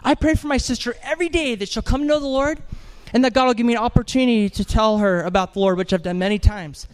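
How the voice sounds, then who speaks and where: Guy preaching in a church, high smooth voice, tells stories and jokes and does little voices. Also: fast talker. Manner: animated, joking storyteller acting out voices. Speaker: evangelist preacher. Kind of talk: sermon with storytelling.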